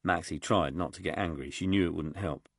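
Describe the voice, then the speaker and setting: A man reading an audiobook in a steady, measured way. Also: deep voice, creaky, no room sound, studio quality. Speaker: audiobook narrator. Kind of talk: scripted narration.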